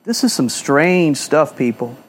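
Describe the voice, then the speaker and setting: A man's voice: on the high side, sing-song, measured pace. A male pastor preaching a fiery sermon in a church, firing off rhetorical questions and repeating phrases for emphasis.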